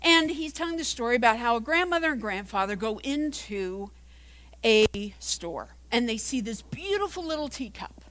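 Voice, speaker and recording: A woman's voice: fairly high pitch, animated, moderate pace, a bit bright. A woman preaching a sermon, earnest, sometimes dropping to a whisper for emphasis.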